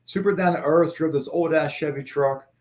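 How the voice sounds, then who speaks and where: A man's voice: fairly high pitch, moderate pace, darkish tone. Profane rambling man telling stories. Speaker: guest. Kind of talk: casual chat.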